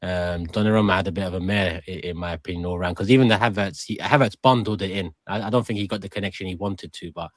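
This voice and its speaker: A man's voice: deep voice, steady tone, fast, hardly any pauses, no echo. A man on a casual football podcast over a remote call, reacting bluntly in slangy terms. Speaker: podcast panelist.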